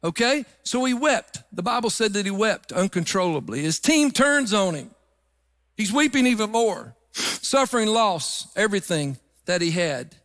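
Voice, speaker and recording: A man's voice: sits high, lively intonation, normal speed, fairly bright tone, big-room sound. A middle-aged man preaching a sermon, emphatic and rising into sung phrases. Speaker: pastor.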